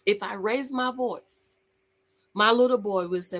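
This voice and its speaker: A middle-aged woman hosts a show recap, chatting casually and speaking straight to her viewers in an emphatic, preachy way. Her voice is mid-range with a fairly bright tone, and she talks a little slowly. The recording quality is low.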